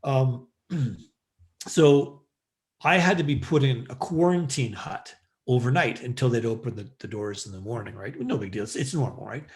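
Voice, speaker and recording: A man's voice: mid-range voice, normal speed, a little mellow. A middle-aged man from Western Canada, a podcast guest telling a long story in a loose, rambling way with lots of fillers. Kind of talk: casual storytelling interview.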